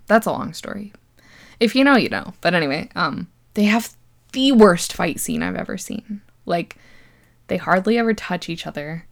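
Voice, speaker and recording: A woman's voice: lowish voice, gravelly. Sarcastic young woman recapping a movie. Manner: sarcastic, laughs often, swears freely. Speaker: podcast host.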